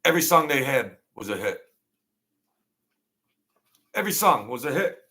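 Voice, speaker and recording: This livestream host is a middle-aged man broadcasting casually from home late at night, speaking at a normal speed in a medium pitch. His delivery is very animated, pushed, and bright as he wanders between jokes and memories, leaning heavily on fillers.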